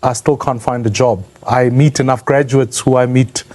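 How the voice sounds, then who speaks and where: Man, mid-pitched, earnest interviewee, reflective delivery. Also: fairly even intonation, moderate pace, a little mellow. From South Africa.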